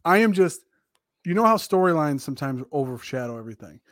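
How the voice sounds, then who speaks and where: A man's voice: fairly high pitch, sing-song, fast talker, no room sound, clean studio sound. A man who teaches, co-hosting a casual sports chat in an easygoing way. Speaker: co-host, teacher.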